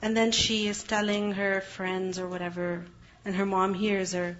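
A woman's voice: mid-range voice, level tone, a little slow, fairly bright tone, slight background noise. Woman teaching a Quran lesson. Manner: explains Arabic terms, asks rhetorical questions, acts out examples. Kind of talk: religious lesson. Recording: dull lo-fi recording.

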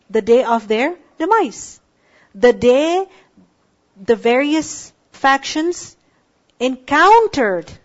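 A woman teaching a lesson, quoting short Arabic passages, translating them word by word and asking her listeners rhetorical questions. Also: high voice. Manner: translates each Arabic word then explains it. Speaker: Quran teacher. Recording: dull lo-fi sound.

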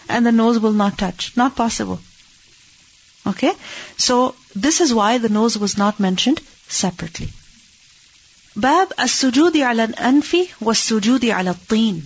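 A woman's voice: on the high side, husky, highs cut off. A woman teaching an Islamic hadith lesson, reading Arabic text and explaining it in English, asking and answering her own questions.

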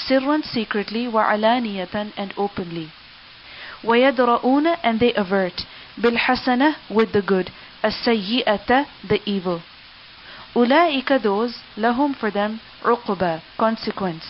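A woman teaching at a quick pace, taking each word of a scripture and following it with its meaning. Her voice comes through a dull, lo-fi recording, with a faint hiss behind it. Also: medium pitch. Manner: reads each word, then gives its meaning. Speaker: Quran teacher. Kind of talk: word-by-word translation lesson.

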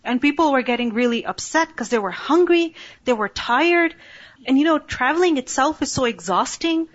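A woman's voice: sits high, animated, normal speed. A woman giving a Quranic lecture, telling stories, asking rhetorical questions and reciting verses in Arabic. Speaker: religious teacher. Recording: dull lo-fi recording.

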